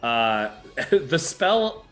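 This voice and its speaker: A man's voice: medium pitch, sing-song, extremely slow, fairly bright tone. A man with a Canadian accent, rambling through his moves in a casual tabletop game with frequent restarts. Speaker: player.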